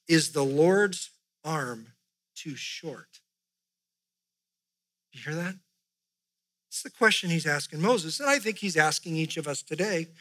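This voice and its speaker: Man, pastor, sermon, high voice, bright tone, emphatic scripture reading, soft asides. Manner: reads scripture aloud with rising emphasis, then drops to soft asides.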